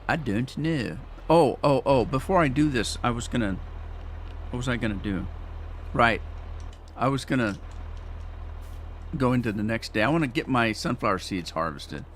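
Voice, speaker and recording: A man's voice: medium pitch, expressive, moderate pace, pauses often, slight background noise. A man chatting casually as he plays a farming game on a live stream, rambling and teasing himself as he goes. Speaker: gaming streamer. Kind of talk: casual gameplay commentary.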